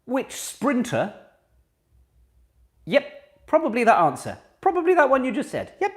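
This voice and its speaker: A man's voice: very high voice, huge pitch swings, brisk. A man hosting an online pub quiz from home, chatty and playful, full of asides to his viewers. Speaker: quiz host. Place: home flat.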